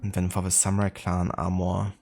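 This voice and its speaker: A German-accented man hosting a live game stream, his voice sitting very low and deep. He talks in a relaxed, easygoing way, greeting viewers and thinking aloud with plenty of small fillers. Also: fairly quick, soft background music. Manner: laid-back, chatty, greets viewers, frequent fillers. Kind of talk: casual live-stream chat.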